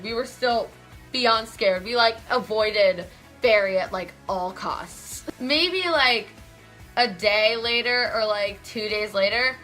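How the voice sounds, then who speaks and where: A woman's voice: on the high side, sharp tone. A teenage girl telling a camp story on her vlog in a rambling, giggly way, full of "like" and asides. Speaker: vlogger. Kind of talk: casual storytime.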